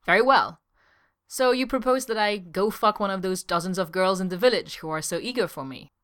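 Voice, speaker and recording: A woman voicing a proud, hot-tempered young man who speaks in a low, intense, intimate way. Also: fairly even intonation, normal speed, a bit bright, smooth, lightly acted. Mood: heated.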